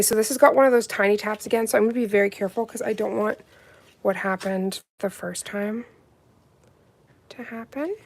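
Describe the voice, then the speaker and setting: Gushing high-voiced woman live-streaming. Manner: gushing, gasping, breathy exclamations, greets viewers. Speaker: nail product reviewer on a live stream. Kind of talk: excited live unboxing chat.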